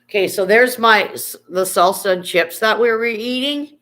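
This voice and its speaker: A woman's voice: medium pitch, unhurried, few pauses, fairly bright tone. A woman, chatting casually on a live stream, rambling, answering her chat and swearing freely.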